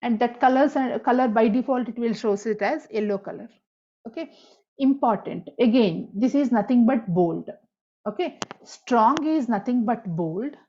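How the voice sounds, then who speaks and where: A woman's voice: on the high side, a little mellow. A woman teaching a screen-recorded coding lesson, explaining step by step, spelling out tag names and repeating key points. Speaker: programming tutor. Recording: dull lo-fi audio.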